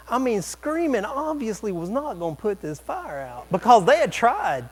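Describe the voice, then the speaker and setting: A man preaching a sermon as a pastor, telling a story with lively humor and quick asides. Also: sits high. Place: church sanctuary.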